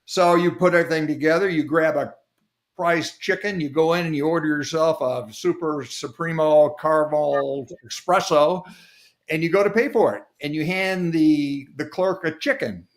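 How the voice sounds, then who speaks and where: A man's voice: fairly high pitch, moderate pace. Folksy man telling homely stories. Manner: folksy, storytelling with homely examples. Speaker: guest author. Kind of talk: casual explanatory talk. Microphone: video call.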